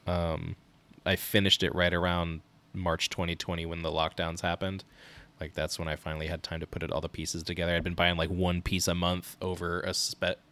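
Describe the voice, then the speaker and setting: A man in his thirties co-hosts a casual parenting podcast. His voice sits very low. He tells stories in an animated way, often breaking into laughter. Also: brisk, few pauses. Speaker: podcast co-host. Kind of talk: casual chat.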